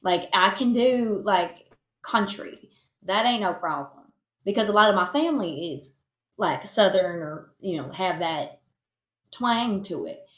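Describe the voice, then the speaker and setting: An American woman in casual podcast chat. She talks at a middle pitch and giggles often, tripping over her own sentences. Her voice rings out in a roomy, echoey space. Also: animated, unhurried, fairly bright tone. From United States. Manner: giggly, chatty, many restarts. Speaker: podcast guest, voice actor.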